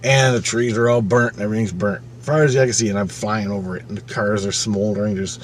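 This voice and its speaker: A man casually telling a personal story, swearing freely and acting out his own panicked thoughts with sudden swings between loud and quiet. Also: fairly low pitch, fairly even intonation, fast, a little hiss or hum. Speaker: channel host recounting a personal experience.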